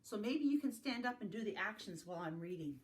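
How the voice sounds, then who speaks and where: A woman reading farm-animal picture books aloud to young children in a slow, sing-song storytime manner, adding animal sounds along the way. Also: mid-range voice, expressive. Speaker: family literacy facilitator. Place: home, recorded for an online circle.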